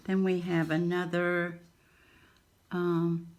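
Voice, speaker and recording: A woman shows off craft supplies in a casual, unhurried way. Her voice sits a little low, and she gushes and coos over each piece she holds up. A faint hiss sits under her voice. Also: monotone. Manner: gushing, cooing over items. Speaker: craft channel host. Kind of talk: casual haul show-and-tell.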